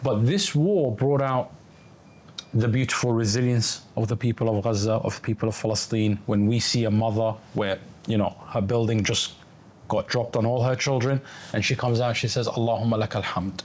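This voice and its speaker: A man's voice: medium pitch, brisk, a little mellow. A man from London hosting a conversation, speaking earnestly in short phrases with frequent "you know" and "right?". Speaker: podcast host. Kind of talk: reflective conversation.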